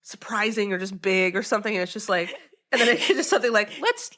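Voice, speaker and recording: A woman's voice: medium pitch, steady tone, quick pace, fairly bright tone. A young woman co-hosting a casual podcast, chatty and agreeable, laughing along with many fillers. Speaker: podcast co-host. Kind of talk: casual chat.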